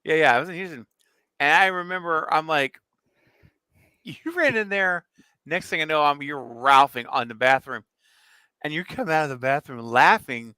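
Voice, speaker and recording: A man co-hosting a casual livestream chat, chiming in and reminiscing with animated energy. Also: fairly high pitch, moderate pace, long pauses, smooth, no room sound. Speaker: co-host.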